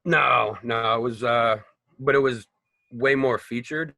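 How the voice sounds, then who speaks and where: Bright-voiced man telling stories. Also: mid-range voice, slow, vocal fry, no room sound. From Boston, United States. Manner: animated, profane, rambling storyteller. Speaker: actor guest. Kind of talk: casual interview storytelling.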